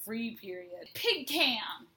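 A woman co-host chats loosely through an episode recap, slipping into quick playful impressions of the characters. Her voice sits high and bright. The tone stays relaxed and conversational. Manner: chatty, recaps scenes with playful quoted lines and laughs. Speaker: podcast co-host. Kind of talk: casual recap chat.

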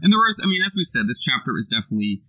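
A man co-hosting a podcast, discussing a book in a quick, analytical way with long run-on thoughts. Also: mid-range voice, big pitch swings, pushed and bright, rough recording. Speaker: podcast co-host.

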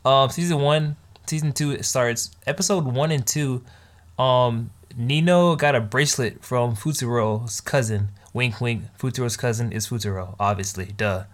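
A man chatting casually as host of an anime review, animated and slangy, laughing often. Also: mid-range voice, normal speed.

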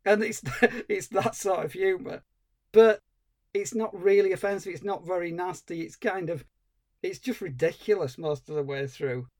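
A man with a slightly higher voice co-hosts a casual film podcast. He talks in a chatty way and grows animated as he recounts scenes. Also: moderate pace. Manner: animated storytelling, acting out scenes. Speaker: podcast co-host.

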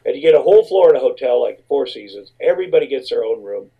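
Man, husky voice, rambling comic storyteller, swears freely, dull lo-fi sound. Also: medium pitch, animated, fast. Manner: rambling, profane, repeats words. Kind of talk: comic anecdote.

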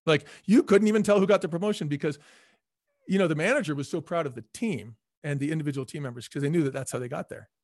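A middle-aged man, a former restaurant executive, telling stories as an interview guest in an energetic, emphatic way. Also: on the high side, no echo, clean studio sound. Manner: energetic, emphatic, acts out quoted people. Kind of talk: casual storytelling in a podcast interview.

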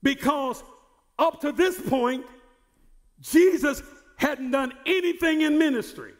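A male pastor preaching a sermon who repeats and restarts words and builds to shouted emphasis. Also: extremely high pitch, slow pace, big-room sound. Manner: repeats words and stumbles on starts.

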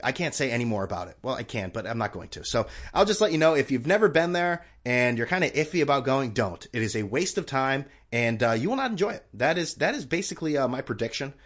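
A man's voice: medium pitch, big pitch swings, fast talker, hardly any pauses, fairly bright tone. A man hosting a solo podcast, ranting in a rambling, sarcastic way with frequent swearing. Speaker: podcast host. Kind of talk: casual solo podcast rant.

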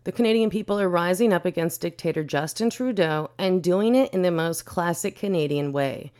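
Podcast host, female, a bit low-pitched; foul-mouthed, indignant ranter. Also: fairly quick, darkish tone. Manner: profane, indignant, blunt. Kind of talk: ranting podcast commentary.

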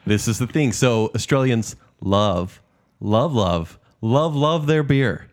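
A man co-hosting a casual chat podcast, telling animated stories in quick bursts. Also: medium pitch. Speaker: podcast co-host.

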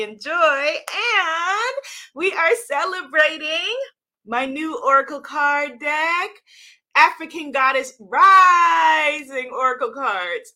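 Woman live-stream host, high voice, bright tone, upbeat, chatty with viewers. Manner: upbeat, laughs often, greets viewers one by one. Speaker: livestream host and author.

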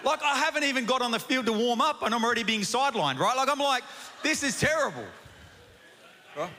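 A man with an Australian accent preaching a sermon, telling a personal story in a chatty, animated way that keeps asking "right?". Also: extremely high pitch, fast, a little hiss or hum. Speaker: pastor. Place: church auditorium. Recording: long hall reverb.

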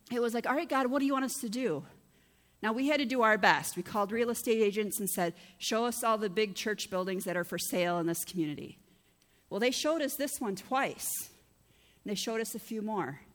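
A woman's voice: a little high, fairly quick. A middle-aged woman pastor, preaching a conversational, story-driven sermon and acting out the dialogue she quotes. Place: church hall. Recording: church hall reverb.

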